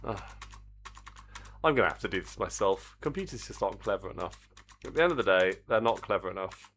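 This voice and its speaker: A man's voice: sits low, lively intonation, a little fast, fairly bright tone, a little hiss or hum. A middle-aged man, a game developer live-streaming his work, muttering casual grumbling asides to himself as he codes.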